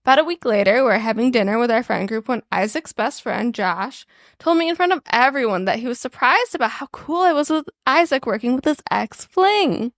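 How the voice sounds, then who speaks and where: A woman with a fairly high voice reads an online post aloud for her podcast, keeping it chatty and amused. The sound is close and dry, with no room around it. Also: expressive, brisk, no room sound. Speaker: podcast co-host. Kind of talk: casual chat and reading stories aloud.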